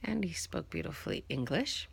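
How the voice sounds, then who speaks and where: A woman with a very gravelly, husky voice tells a personal story in a casual vlog. She acts out the dialogue as she goes and often sinks into a hushed whisper. Her tone is low-key and conversational. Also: huge pitch swings, normal speed, no room sound. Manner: often drops to a hushed whisper at tender moments. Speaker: vlogger.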